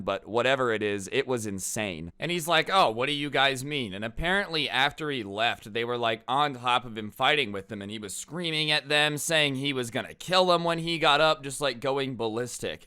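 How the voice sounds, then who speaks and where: Young dude doing a storytime, bright clean voice, keeps saying bro, gets loud on the quotes. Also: male voice, medium pitch, clear, resonant tone. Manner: animated, jumps into shouted quotes, slangy "bro" and "dude". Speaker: storytime YouTuber. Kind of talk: casual storytelling.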